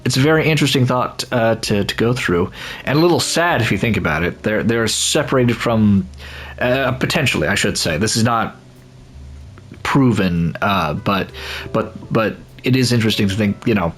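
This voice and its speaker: A man's voice: on the low side, expressive, normal speed, a little hiss or hum. A man hosting a let's play and commenting on a video game in a rambling way, with lots of restarts. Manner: rambling, with many restarts and laughs. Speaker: gaming channel host.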